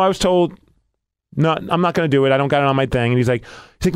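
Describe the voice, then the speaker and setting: Animated man telling a story, dry sound. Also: mid-range voice, racing, clean tone, no echo. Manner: animated storytelling, acting out quoted lines. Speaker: podcast co-host and storyteller. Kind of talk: casual podcast chat.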